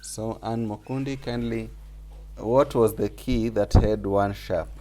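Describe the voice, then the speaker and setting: A man's voice: fairly low pitch, fairly even intonation, slow pace, mellow. A man teaching a music theory class over a video call, explaining patiently and repeating his points with small fillers. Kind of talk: online group class lesson.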